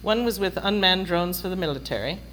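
Middle-aged woman, wry storyteller, chatty, slightly low voice, faint background hiss. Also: animated, fairly quick, fairly bright tone, low-quality recording. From London. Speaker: speaker sharing a recovery story. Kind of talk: humorous personal storytelling.

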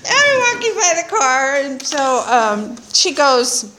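Woman sharing her recovery story, high voice, blunt, earthy, laughs a lot, faint background noise. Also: very slow, pauses often. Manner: animated storytelling with frequent laughter. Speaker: speaker sharing at a recovery meeting. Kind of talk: personal testimony.

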